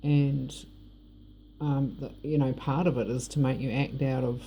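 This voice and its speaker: A woman's voice: rumbling low, fairly even intonation, unhurried, dark tone, slight background noise. A middle-aged woman with a New Zealand accent, talking frankly in a rambling personal vlog and not shy of swearing. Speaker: vlogger. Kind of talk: personal monologue.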